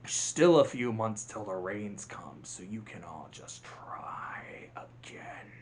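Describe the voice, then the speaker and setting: A vlogger putting on a cold, tyrannical grasshopper villain from a cartoon. The voice drops low and hushed into a sneering, threatening whisper. Every word comes out slow and menacing, with big swings in pitch. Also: lively intonation, a little hiss or hum.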